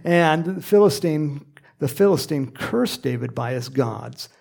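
A man's voice: a little high, lively intonation, unhurried, vocal fry, a little mellow. A man preaching a conversational sermon, acting out quoted lines and dropping at times to a whisper. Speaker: pastor.

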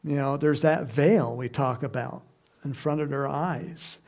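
Gravelly man preaching a lively sermon. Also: mid-range voice, measured pace. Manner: animated, acts out crowd shouts. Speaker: pastor.

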